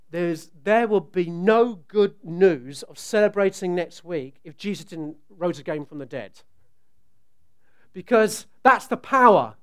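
Smooth-voiced male pastor preaching. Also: sits high. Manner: conversational, jokes with the congregation, asks questions. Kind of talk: sermon.

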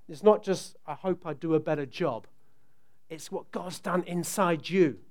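A middle-aged man preaching a conversational sermon, joking with the congregation and asking them questions. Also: high voice. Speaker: pastor.

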